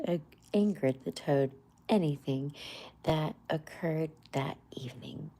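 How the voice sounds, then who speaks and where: A woman reads a children's classic aloud on a livestream in a soft, breathy half-whisper. Her voice is low, gravelly and husky, and she reads slowly. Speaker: livestream story reader.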